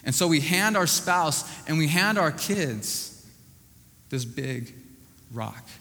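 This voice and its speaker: Man, preacher, emphatic sermon, repeats phrases, hushed line endings, long hall reverb. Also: on the high side, expressive, takes it slowly. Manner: repetitive, emphatic, drops to a hushed voice at line ends.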